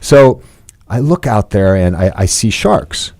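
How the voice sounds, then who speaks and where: A man in his fifties telling a personal story as a podcast guest, playful and animated, laughing often. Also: lowish voice, unhurried, gravelly, dry recording, studio quality. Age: 50s.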